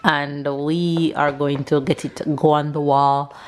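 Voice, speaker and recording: Slow-talking Jamaican woman vlogging at home. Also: sits low, little pitch movement, a little mellow, a little hiss or hum. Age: 30s. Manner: chatty and scattered, with Jamaican English grammar. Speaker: family vlogger. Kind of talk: casual vlog chat to camera. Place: at home with her baby.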